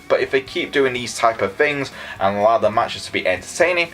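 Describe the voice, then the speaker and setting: A man's voice: medium pitch, expressive, brisk, fairly bright tone. A man giving a casual spoken review, rambling and blunt, with frequent restarts and stumbles. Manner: blunt, opinionated. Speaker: wrestling show reviewer.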